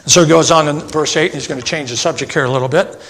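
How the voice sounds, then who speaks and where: A man's voice: on the high side, fairly bright tone, slight background noise. Preaching man in an echoing church. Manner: reads verses slowly, then explains in plain asides ending with "okay?". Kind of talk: sermon with scripture reading. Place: church sanctuary. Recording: long church reverb.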